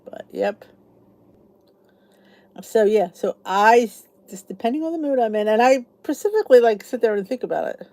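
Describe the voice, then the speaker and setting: This middle-aged YouTube host from the Philadelphia area, with a Philly accent, talks loosely with her live audience and wanders through replies to their comments. Her voice is on the high side and a little mellow, with lively intonation and a moderate pace, in a dry recording.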